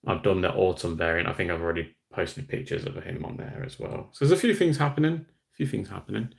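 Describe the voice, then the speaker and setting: A young man with an Australian accent, hosting a relaxed livestream. His voice sits very low with a gravelly fry, and he chats loosely, reading out viewer comments and answering them. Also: quick pace. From Western Australia. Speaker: livestream host. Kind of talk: casual livestream chat.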